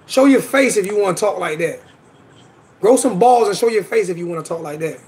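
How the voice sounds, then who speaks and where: A man's voice: high voice, animated, a little fast, darkish tone. A man hosting a casual livestream chat, talking emphatically in slangy speech and repeating his points. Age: adult with children. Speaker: livestream host.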